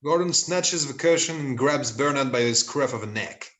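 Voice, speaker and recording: A man's voice: mid-range voice, expressive, normal speed, a bit bright. A man reading stage directions aloud in a plain, amused manner in an amateur play reading.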